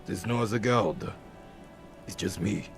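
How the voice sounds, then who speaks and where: A man voicing a proud, gruff old veteran guard in a video game who scolds in clipped, formal sentences. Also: on the low side, measured pace, faint music behind. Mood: weary. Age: older. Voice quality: gravelly.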